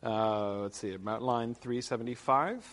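A man teaches a literature class at an ordinary middle pitch. He wanders through his points with frequent ums and dry, self-mocking asides. His voice rings with the long reverb of a lecture hall. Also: normal speed, a bit bright. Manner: rambling, filler-heavy, wry asides.

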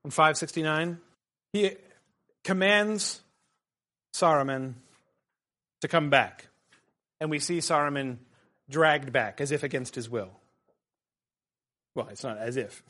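A male teacher with a fairly high voice leads a seminar discussion. He is animated, works closely through the text and calls on students by name. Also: takes it slowly, pauses often. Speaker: teacher leading a literature discussion.

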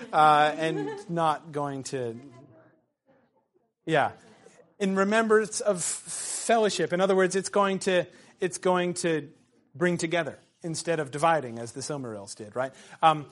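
A man's voice: a little high, fairly bright tone. Chatty male lecturer with fillers. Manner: conversational, frequent fillers and restarts, reads quotes aloud. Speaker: literature lecturer. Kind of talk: casual lecture.

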